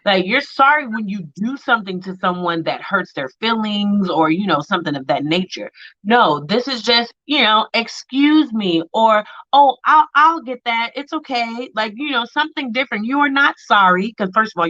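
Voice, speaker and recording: A young adult woman co-hosting a casual chat, telling a story with lively acted-out quotes. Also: mid-range voice, moderate pace, dry recording, dull audio. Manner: animated storytelling, acting out quotes. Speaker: co-host.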